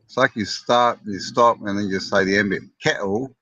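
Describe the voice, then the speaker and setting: A man's voice: lowish voice, steady tone, brisk, sharp tone, no room sound, muffled recording. A man co-hosting a casual live-stream chat, joking around and greeting viewers. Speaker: co-host.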